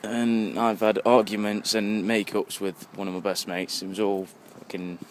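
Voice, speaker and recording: A tipsy young English man with a low voice rambles and swears his way through a night walk home. He talks into the phone he holds while walking, and a soft hiss of passing traffic sits under his voice. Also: flat delivery, normal speed. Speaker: vlogger. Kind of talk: casual rambling monologue. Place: outdoors on a street at night, walking. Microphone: phone held while walking. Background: faint passing traffic.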